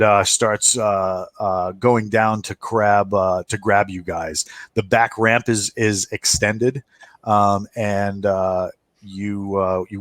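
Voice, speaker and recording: A man narrating a tabletop game as game master, halting with many fillers and restarts while he describes the scene. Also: fairly low pitch, fairly bright tone, no echo.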